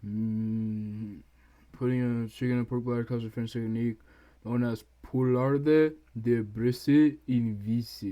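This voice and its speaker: A man's voice: medium pitch, fairly even intonation, a little slow, dark tone. A young adult man casually commenting on a video during a live stream, slangy and saying "bro" a lot, with keyboard typing near his desk mic. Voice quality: slangy, says "bro" often.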